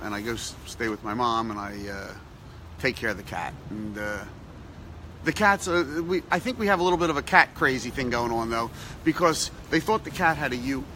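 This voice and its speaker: A middle-aged man hosting a motivational vlog, chatty and animated, repeating phrases for emphasis, filmed outdoors on a snowy street with a phone at arm's length. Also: medium pitch, a little hiss or hum. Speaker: vlog host. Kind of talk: upbeat motivational vlog talk.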